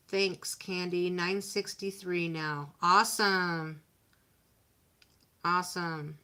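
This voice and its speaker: Slow, chatty woman live-streaming crafts. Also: lowish voice, steady tone, pushed and bright, clean tone. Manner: chatty, narrates her crafting and greets viewers. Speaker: livestream host. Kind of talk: casual livestream chat while crafting.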